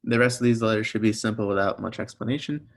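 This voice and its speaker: A young male teacher with a fairly low voice talks fast as he leads a recorded language lesson. He works patiently through each sound step by step, repeating examples so listeners can keep up.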